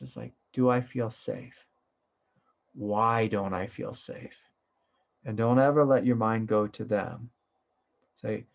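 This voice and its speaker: A man with a gravelly, creaky voice of middle pitch gives a reflective spiritual teaching. He speaks gently and loosely, with fillers and asides. The recording sounds dull and lo-fi. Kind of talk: satsang talk.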